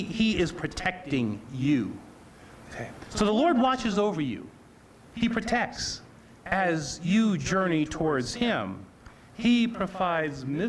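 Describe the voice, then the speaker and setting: A man preaching to a listening congregation, his voice pitched high and rising and falling a great deal. He takes his time, speaking slowly and deliberately. He presses his points with emphasis and often repeats or restarts his phrases. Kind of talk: sermon.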